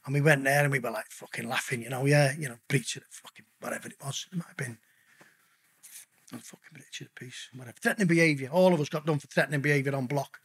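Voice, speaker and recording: A man's voice: medium pitch, fast, husky. A man telling his own stories as a podcast guest, swearing constantly and calling the host mate. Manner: lively anecdotal storyteller, addresses the host as mate. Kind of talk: casual podcast interview storytelling.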